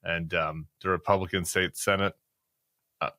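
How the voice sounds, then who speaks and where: A man's voice: deep voice, level tone, normal speed, sharp tone, no room sound, clean studio sound. A man hosting a political podcast, chatting casually and joking at his own expense, with plenty of fillers. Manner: jokey, self-deprecating, chatty with fillers. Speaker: podcast host.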